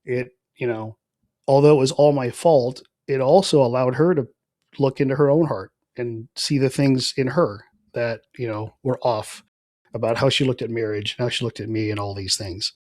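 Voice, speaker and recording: A middle-aged man telling his personal faith story as a podcast guest, earnest and reflective, trailing off softly with fillers. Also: medium pitch, moderate pace, dry recording, clean studio sound. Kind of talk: conversational spoken testimony.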